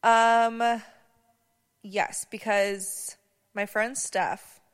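A woman's voice: on the high side, little pitch movement, very slow, smooth, long reverb tail. A woman co-hosting a casual podcast, chatty and teasing, laughing easily as she tells stories. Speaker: podcast co-host. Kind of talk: casual chat.

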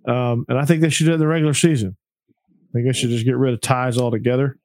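A man's voice: medium pitch, steady tone, fast talker, darkish tone, no echo. A man with a Southern US accent hosting a casual sports chat, stammering through restarts and laughing at his own jokes. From Southern US, Georgia. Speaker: podcast host.

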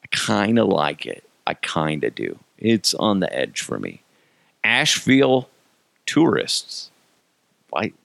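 Host, male, 30s, from Colorado: sarcastic comic ranter, gravelly edge, swooping delivery. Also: sits low, huge pitch swings, slow, a bit bright, dry recording. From Colorado, USA. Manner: sarcastic, mocking, jumps into silly voices. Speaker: podcast host. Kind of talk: comedic solo rant.

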